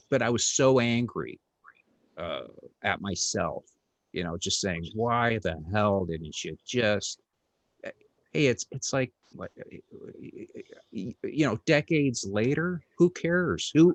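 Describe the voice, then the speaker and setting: A man's voice: medium pitch, lively intonation, a little slow, dry recording. A middle-aged man, a comedian hosting an interview, telling a story in a casual, rambling way with lots of fillers, restarts and blunt, crude words.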